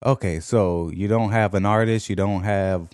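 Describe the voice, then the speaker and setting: Deep-voiced man co-hosting a podcast. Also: steady tone, moderate pace, darkish tone, clear, resonant tone, no room sound, clean studio sound. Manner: joking, hums and half-sings music cues. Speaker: podcast co-host. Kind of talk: casual podcast banter. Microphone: new podcast microphone.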